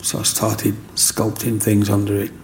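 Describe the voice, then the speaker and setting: Gravelly-voiced man telling stories. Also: on the low side, unhurried, slight background noise. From England. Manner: animated storyteller who acts out other people's lines. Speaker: interviewee. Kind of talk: storytelling in an interview.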